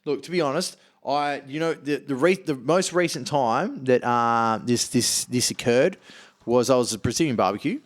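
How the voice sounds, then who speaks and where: A man holding forth in a loose podcast conversation, swearing freely and arguing his point with a pitch that jumps all over the place. His delivery is blunt and rowdy, more rant than discussion. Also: normal speed. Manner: blunt, heavily profane, animated ranting. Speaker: podcast co-talker. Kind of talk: casual podcast chat.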